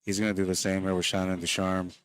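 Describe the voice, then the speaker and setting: With a deep, clean-toned voice and a fast delivery, a man chats casually through live commentary on a pool match for his stream audience. A slight late-day tiredness comes through.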